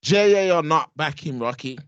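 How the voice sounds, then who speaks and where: A man's voice: fairly high pitch, expressive, normal speed, smooth, dry recording, muffled recording. Emphatic young English man, heavy. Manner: emphatic, repeats his points, street slang. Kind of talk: casual chat.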